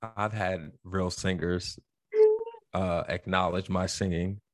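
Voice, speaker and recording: A man on a podcast telling a story in a lively way, acting out the voices of the people in it. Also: low-pitched, slow pace, no echo, studio quality. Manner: animated storyteller, acts out quoted voices. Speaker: podcast co-host. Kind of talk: casual storytelling chat.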